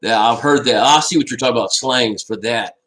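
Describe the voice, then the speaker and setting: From home, a man hosts a casual fishing live stream, rambling and reading out answers to viewer comments through his laptop's built-in mic. His mid-range voice is fairly quick and a bit bright. There's slight background noise and the audio is poor.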